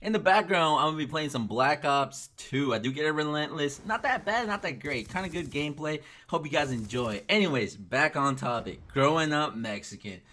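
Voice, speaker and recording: A man's voice: fairly high pitch, normal speed, few pauses, a little hiss or hum. A young man from the United States chatting casually and telling personal stories over gameplay, acting out the lines people said. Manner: chatty, animated, acts out quoted lines. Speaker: gaming YouTuber.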